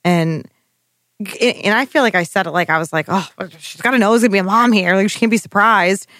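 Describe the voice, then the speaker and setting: A woman's voice: mid-range voice, brisk, a bit bright, no room sound, clean studio sound. Chatty woman gushing about a show. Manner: chatty and emphatic, filler 'like', profane jokes. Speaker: podcast co-host. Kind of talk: casual recap chat.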